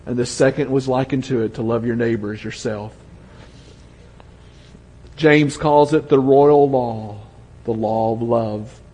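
An older man with a Southern American accent, preaching a sermon and telling stories, softening to a hush at tender moments. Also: mid-range voice, unhurried, long pauses, husky. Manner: storytelling, drops to a soft hush for emotional moments. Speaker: pastor. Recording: long hall reverb.

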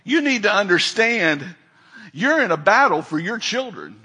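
An older man delivers a sermon as pastor. His voice sits high and bright, with a husky edge. He drives some phrases out forcefully and lets others fall to near-hushed asides. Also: big pitch swings, moderate pace. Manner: emphatic preaching, swings from loud calls to quiet asides.

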